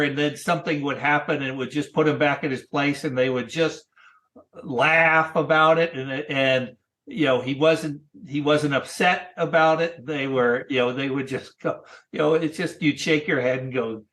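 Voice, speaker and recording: A man in his sixties, a cartoonist guest, chatting casually in a thoughtful, halting way with many restarts. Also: a little high, steady tone, pushed and bright. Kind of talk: casual interview chat.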